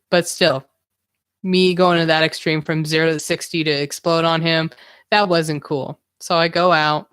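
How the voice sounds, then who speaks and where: In clean studio sound with no echo, a young podcast host speaks alone on her live stream, her low-pitched voice clear, resonant, and fairly bright. She reflects on herself openly, wandering a little as she talks casually.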